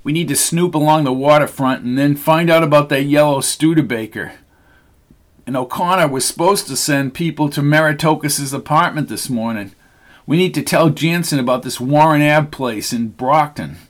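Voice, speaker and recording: A narrator playing a laconic truck-driving cowboy in a storybook reading, wary and low-key in how he talks. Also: normal speed, lightly acted.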